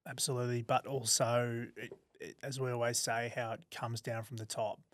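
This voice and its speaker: A man with an Australian accent in casual podcast chat, blokey and agreeable, quick to back up his partner. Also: medium pitch, flat delivery, a bit bright, no room sound. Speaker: podcast co-host.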